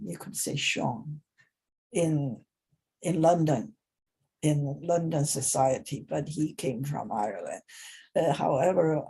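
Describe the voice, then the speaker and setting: A woman teaching an informal English lesson, talking in a halting way with many pauses and restarts. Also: low-pitched, vocal fry, warm tone, husky.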